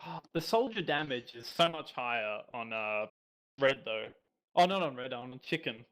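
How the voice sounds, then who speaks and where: A man's voice: medium pitch, animated, moderate pace, fairly bright tone, slight background noise, rough recording. A man giving casual, chatty analysis as colour commentator on a live esports broadcast.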